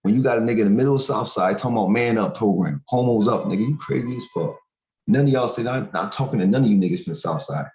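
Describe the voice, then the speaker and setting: A man's voice: fairly low pitch, fast talker, darkish tone, highs cut off. A man from Syracuse, hosting a podcast in a blunt, profane, rambling street-talk manner. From Syracuse, New York. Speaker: podcast host. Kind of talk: casual podcast rant. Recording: echoey room.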